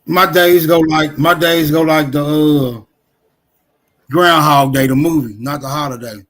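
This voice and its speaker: A man runs a casual livestream, his voice sitting a little high. He talks loosely, swearing and teasing the callers as he goes. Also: fairly even intonation, unhurried, a bit bright. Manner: loose, profane, teasing banter. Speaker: livestream host.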